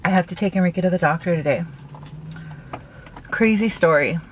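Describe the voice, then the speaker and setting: Chatty woman vlogger, low-ish voice, phone-recorded in a parked car, faint background noise. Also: a little fast. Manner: chatty, laughs at own jokes, full of "like". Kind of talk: casual mukbang chat.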